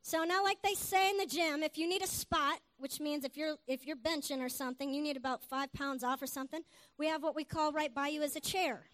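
A woman preacher giving a lively sermon, telling stories and calling out to her congregation. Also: high voice, a little fast. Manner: animated, exclaims hallelujah, calls to the congregation. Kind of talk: sermon with storytelling.

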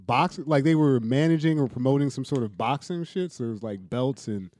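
A man co-hosting a casual podcast chat in a laid-back, low-key way. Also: a little fast, a little mellow, no echo. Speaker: podcast co-host.

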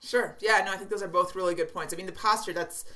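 Woman co-host, lowish voice, rambles with lots of um and like, easygoing running tips. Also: fairly even intonation, quick pace, a bit bright. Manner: chatty, many fillers and restarts. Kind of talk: casual advice chat.

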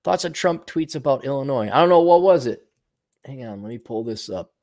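A man's voice: medium pitch, animated, a little mellow. A man hosting a livestream, reading viewer donations and ranting bluntly with plenty of profanity, fillers and restarts. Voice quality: fast, loose delivery with many fillers and restarts. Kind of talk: casual livestream rant.

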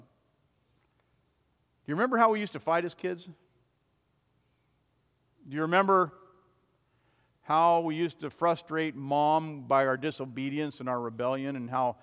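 A male preacher voicing a devout sister pleading with her dying brother, urgent and swelling loud. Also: a little high, smooth, long reverb tail.

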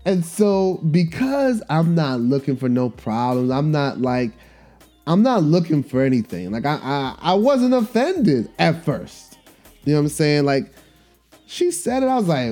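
A man hosting a podcast, telling a story in a casual monologue, animated and slangy, often repeating himself. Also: fairly high pitch, a little slow, faint music behind. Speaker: podcast host.

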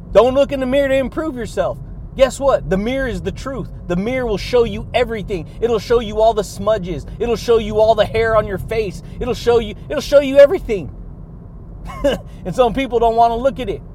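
High-voiced hyped-up motivational podcast host. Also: male voice, a little fast, darkish tone, a little hiss or hum. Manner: hyped and playful, laughs often between lines; punchy catchphrases and rhetorical questions. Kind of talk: energetic motivational monologue.

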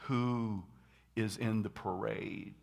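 Animated husky male preacher. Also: on the low side, slow pace. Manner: animated, acts out scenes, shouts dramatically. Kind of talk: sermon.

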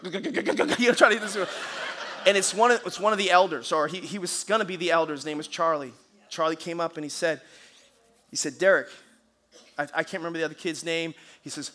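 A man preaching as a pastor, telling a lively story and then leading a hushed, earnest prayer in a church. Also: high-pitched, brisk. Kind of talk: sermon with storytelling and altar call. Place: church auditorium.

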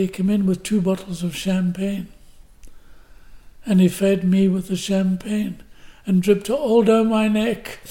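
Here a high, mellow-voiced older Glaswegian, a guest actor from Scotland, spins anecdotes and dramatizes each quoted line.

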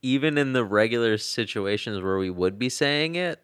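A man's voice: mid-range voice, lively intonation, moderate pace, a bit bright, clear, resonant tone, no room sound, clean studio sound. A young man co-hosting a podcast in casual chat, swearing and laughing a lot, self-conscious about his own speech. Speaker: podcast co-host.

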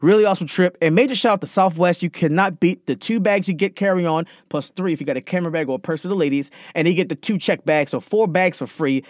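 Young male podcast host, rapid animated storyteller, slightly high voice, dry close sound. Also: no echo. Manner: animated, acts out conversations in quotes; addresses listeners as guys. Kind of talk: casual storytelling monologue.

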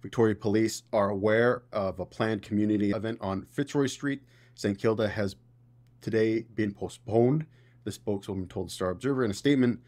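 A man's voice: lowish voice, a little fast, darkish tone. Profane, fired-up male podcast host. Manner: profane, exasperated, reading news aloud. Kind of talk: casual news commentary.

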